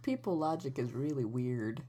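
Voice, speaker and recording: A woman's voice: a bass voice, expressive, normal speed, mellow, husky, heavily acted. Woman playing a rambling scatterbrained schemer. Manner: rambling, hesitant, full of ums. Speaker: cast member of a comedy audio drama. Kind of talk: semi-improvised comedy audio drama.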